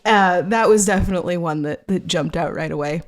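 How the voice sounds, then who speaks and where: A woman's voice: on the low side, a little fast. A woman on a podcast, talking enthusiastically in casual chat and laughing often. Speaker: podcast guest.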